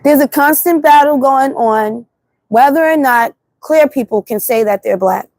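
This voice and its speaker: Blunt, high-voiced New York woman ranting. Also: a little slow, no echo. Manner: animated, blunt, repetitive storytelling. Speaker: livestream host. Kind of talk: casual livestream monologue. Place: city street at night.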